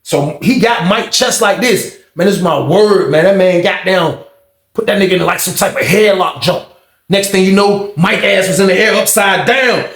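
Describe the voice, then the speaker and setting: A man telling a story casually, animated and profane, acting out scenes with sound effects. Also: high voice, normal speed, reverberant.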